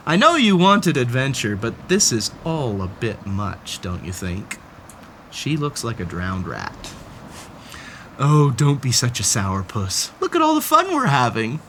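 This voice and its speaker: Reading a children's story aloud, this medium-pitched host brings playful, theatrical flair to the narration and chats straight to the cat in the tale.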